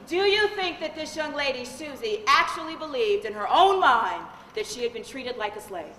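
A woman, a lawyer and corporate trainer, giving a lively live training talk and questioning the audience. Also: high voice, fairly quick, slight background noise. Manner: animated, engages the audience with questions. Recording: echoey hall with long reverb.

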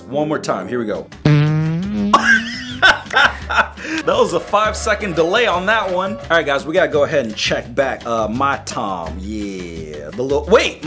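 A young man giving casual, joking commentary while playing a mobile game, reacting loudly and making sound effects. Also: fairly high pitch.

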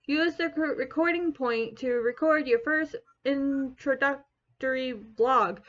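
A woman voicing a cheerful little robot drone camera assistant in a flat robot voice, reading game dialogue. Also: high voice, takes it slowly, muffled recording. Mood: robotic.

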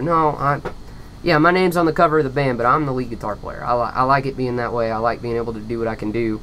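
A man, a guest musician and lead guitarist, chatting eagerly in quick bursts with restarts in a hot backyard shed. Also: mid-range voice, fairly even intonation, fairly bright tone, a little hiss or hum. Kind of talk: casual interview chat.

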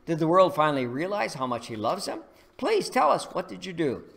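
A man putting on friendly alien visitors in a spoken story, eager and curious, firing off pleading questions in a gravelly voice. Rising excitement comes through in every question. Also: mid-range voice, a little fast, lightly acted. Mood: excited.

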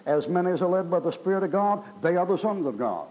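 A man's voice: sits high, lively intonation, fast, a little mellow, poor audio. A middle-aged man preaching a sermon in a folksy, emphatic way, his voice rising in bursts. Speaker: pastor.

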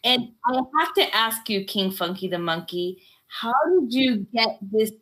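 A woman's voice: mid-range voice, unhurried, fairly bright tone. A woman hosting a playful pretend interview with a child in an improv exercise, using a theatrical, encouraging reporter tone.

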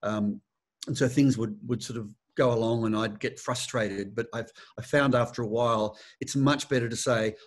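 Male interviewer, reflective, measured, mid-pitched, plain delivery. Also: fairly even intonation. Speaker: interviewer, fellow director.

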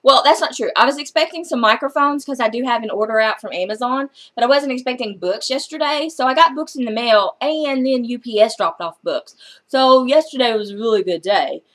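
A woman's voice: a little high, fairly quick. Chatty woman gushing over books. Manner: chatty and excitable, gushing, casual swearing. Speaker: book vlogger. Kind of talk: casual book haul chat.

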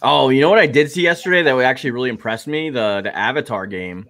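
A man's voice: medium pitch, fast talker, fairly bright tone. A man hosting a live stream, chatting casually and rambling with lots of fillers. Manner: rambling, filler-heavy "like" talk. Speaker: streamer host.

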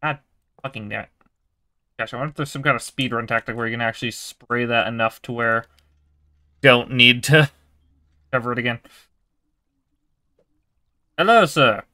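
A man's voice: mid-range voice, steady tone, brisk, long pauses, bright, forceful tone, no echo. A young man giving casual, swearing let's-play commentary while he plays a game. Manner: chatty, swears casually, talks to himself. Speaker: gaming video creator.

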